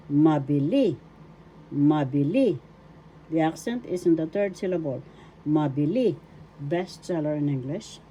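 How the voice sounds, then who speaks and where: A woman's voice: low voice, dark tone, slight background noise. An older woman teaching a language lesson, repeating each word and sounding out its syllables one by one. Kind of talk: slow deliberate language lesson.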